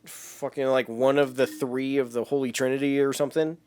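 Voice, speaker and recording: A man co-hosting a podcast, chatting about a fantasy series in a jokey, animated way, swearing casually. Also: medium pitch, fairly quick, clear, resonant tone, no room sound. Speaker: podcast co-host.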